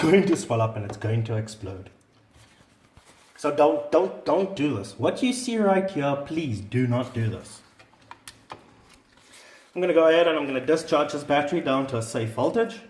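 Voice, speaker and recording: A man hosting a hobby review vlog, his mid-pitched voice bouncing around an echoey room. He talks earnestly and repeats himself when he warns viewers about something. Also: a little mellow, slight background noise. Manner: earnest, repeats words when stressing warnings. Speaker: hobby channel host reviewing a drone charger. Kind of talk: casual product review vlog.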